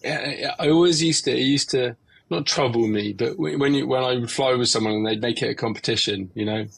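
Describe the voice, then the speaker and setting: A man with a husky, slightly breathy voice hosts an open, serious conversation. His pitch sits in the middle range for a man, and he speaks earnestly, lifting his voice when he plays out the lines people say to each other. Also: a little fast. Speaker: podcast host.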